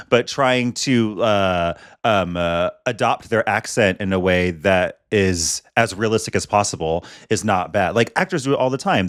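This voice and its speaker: A young man co-hosting a podcast, animated and teasing in casual chat. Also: on the low side, no echo, clean studio sound. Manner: animated, quick to laugh and tease. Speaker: podcast co-host.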